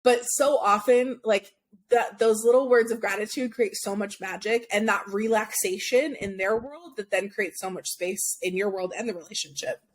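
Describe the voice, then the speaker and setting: A young adult woman interviewing in a relaxed, reflective conversational way, with a lot of "like". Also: medium pitch, normal speed. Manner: relaxed, reflective, uses lots of "like". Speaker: podcast interviewer.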